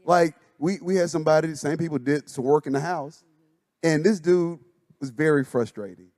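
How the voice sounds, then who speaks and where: A fairly high-pitched man, a pastor, chatting casually. He tells stories with animation and acts out the lines of the people in them. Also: normal speed. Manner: animated storytelling, acts out quotes. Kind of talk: casual chat. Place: church stage.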